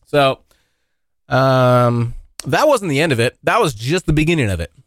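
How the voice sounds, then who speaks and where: A man's voice: mid-range voice, moderate pace, no echo, studio quality. A young man from Washington State hosting his own podcast, telling a rambling, profane story in a casual solo chat. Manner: rambling, profane, animated when acting out scenes. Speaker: podcast host.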